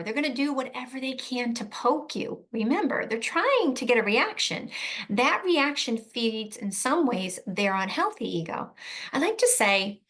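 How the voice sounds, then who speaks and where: Speaking a little high with a slightly bright tone, a woman talks to camera giving advice to protective parents. She's earnest and emphatic, repeats key phrases frequently, and keeps asking "right?".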